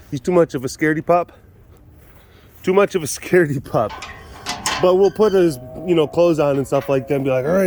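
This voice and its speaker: A man working as an animal caretaker, chatting casually as he walks the rounds outdoors and laughing often. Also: mid-range voice. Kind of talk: casual vlog walkthrough. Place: outdoor animal facility in winter.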